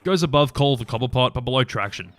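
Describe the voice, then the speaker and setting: A man's voice: mid-range voice, lively intonation, fast, over music. A man giving a casual, opinionated episode-by-episode review, chatty and sometimes swearing. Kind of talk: casual commentary ranking episodes.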